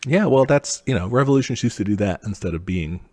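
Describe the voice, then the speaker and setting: A young man co-hosting a podcast, telling history in a loose, profane way and putting on quick mock voices for the people in it. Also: fairly low pitch, animated, darkish tone. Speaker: podcast co-host. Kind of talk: casual history chat.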